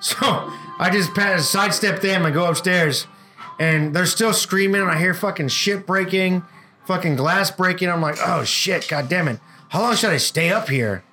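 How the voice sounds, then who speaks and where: A man in casual podcast chat with a bright, forceful, slightly high voice. He tells his story in a loose, profane way and acts out what people said. Faint music plays behind him. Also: normal speed. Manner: profane, animated storytelling with acted-out quotes. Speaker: podcast co-host.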